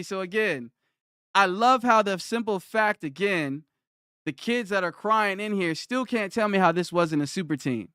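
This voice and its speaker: A man streaming live who fires back at his chat, combative and mocking, repeating himself for emphasis. His voice sits high for a man, with a smooth, clean tone. The sound is dry and close. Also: measured pace, a bit bright, dry recording. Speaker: livestreamer. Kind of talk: livestream rant answering chat.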